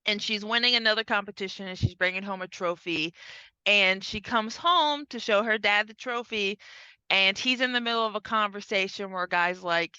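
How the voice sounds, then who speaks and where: A bright, clear-voiced woman chatting on a podcast, retelling a film and jumping up in pitch to play each character's lines. The sound is dry and a little muffled. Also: brisk, no echo. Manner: animated, acts out characters' lines with big pitch jumps. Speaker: podcast co-host. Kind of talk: casual chat recapping a film.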